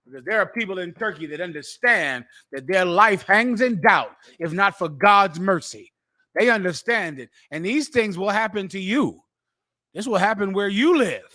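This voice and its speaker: A man with a high, bright voice lectures like a preacher, hammering his points with repetition. His voice sounds close and dry, with no room around it. He declaims more than he chats. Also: lively intonation, normal speed, no echo. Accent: American. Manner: forceful, declaiming, repeats phrases for emphasis. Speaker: talk show host. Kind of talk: preaching commentary on a live show.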